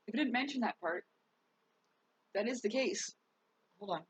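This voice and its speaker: A woman's voice: a little high, expressive, moderate pace, slightly rough, no echo, low-quality recording. A worn-out woman talking candidly to her viewers in a rambling, casual vlog, cursing now and then. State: worn out, recovering. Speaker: vlogger.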